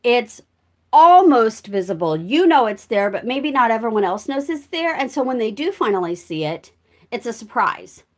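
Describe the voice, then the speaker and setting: An older woman vlogs on a live stream, chatting casually as she does chores and moves between rooms of her home, winded from walking. Her voice is on the high side, sing-song, at normal speed. She reads out and answers viewer comments and is warm toward her cats.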